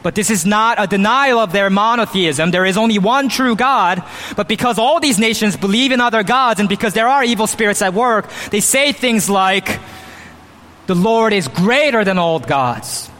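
A man's voice: normal speed, sharp tone. A man preaching a sermon as pastor, emphatic, at times mimicking boastful speech. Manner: emphatic, acts out quoted boasts with raised pitch. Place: church. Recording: long reverb of a church hall.

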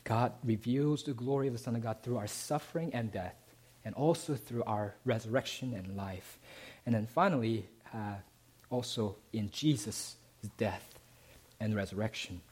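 A man preaching a sermon, who often asks the congregation "right?" and moves between emphatic climbs and soft, low passages. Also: moderate pace, breathy edge. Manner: rising to emphatic peaks, then dropping soft and low. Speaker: pastor.

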